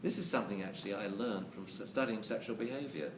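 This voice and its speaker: A man giving a lively, jokey lecture on dog training to a live audience, acting out quotes as he goes. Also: on the low side, fast talker. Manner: animated, jokey, acts out quotes. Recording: roomy, distant camera mic with hiss.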